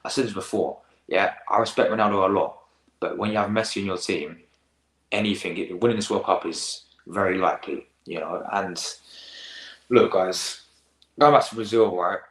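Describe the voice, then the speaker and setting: Low-voiced slangy teen lad streaming. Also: male voice, moderate pace, echoey room, rough recording. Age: teens. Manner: excitable, rambling, slangy. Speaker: football reaction host. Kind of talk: casual live-stream chat.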